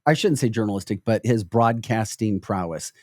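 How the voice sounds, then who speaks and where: A man's voice: on the low side, expressive, normal speed, darkish tone, no echo, studio quality. A man co-hosting a political podcast, with an American accent, talking in a blunt, mocking, incredulous way. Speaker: podcast co-host. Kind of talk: political commentary chat.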